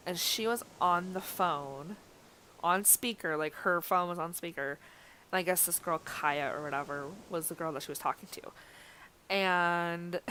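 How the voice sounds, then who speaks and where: A woman's voice: lowish voice, a bit bright, a little hiss or hum. A young woman vlogger telling a story in a casual, chatty way, full of fillers and small laughs.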